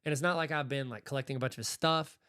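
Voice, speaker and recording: A man's voice: mid-range voice, rapid-fire, smooth. A man from Arkansas hosting a podcast, telling casual stories and acting out the exchanges he describes. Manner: animated, acts out quoted exchanges. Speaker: podcast host. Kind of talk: casual storytelling.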